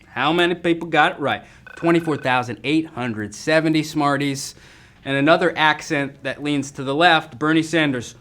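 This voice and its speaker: A man hosting a live trivia game, excitable and jokey with quick banter between questions. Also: a little high, a little hiss or hum. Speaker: game show host.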